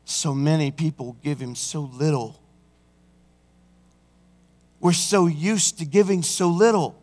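Fervent preacher with a high voice. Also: male voice, slow, darkish tone. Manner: fervent preaching that builds in pitch and force. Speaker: senior pastor. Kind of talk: sermon. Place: church sanctuary. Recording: church hall reverb.

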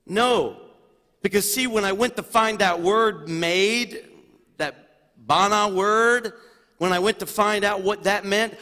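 A man preaching a sermon as pastor, animated and swinging from quiet asides to loud exclamations. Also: high-pitched. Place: church sanctuary. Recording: long reverb of a large hall.

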